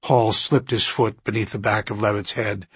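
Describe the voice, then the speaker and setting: Husky male audiobook narrator. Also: on the low side, steady tone, normal speed, fairly bright tone, dry recording. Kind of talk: scripted narration.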